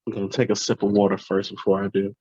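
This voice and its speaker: Before he reads, the Alabama poet thanks his listeners in an earnest, heartfelt way, softly grateful despite a flat delivery. He talks fast in a lowish, husky voice. It's a dry, slightly muffled lo-fi recording of a live poetry event.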